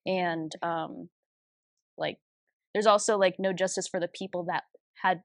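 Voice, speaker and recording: A young woman in her twenties co-hosting a podcast, telling stories in an animated way with lots of fillers and restarts. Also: on the low side, a little slow, no room sound, studio quality. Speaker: podcast co-host. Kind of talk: casual chat.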